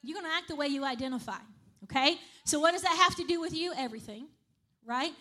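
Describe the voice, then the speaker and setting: A woman preaches a sermon conversationally, frequently checking in with the congregation by repeating "right?" and "okay?" Her voice sits high, with a quick pace and a sharp tone.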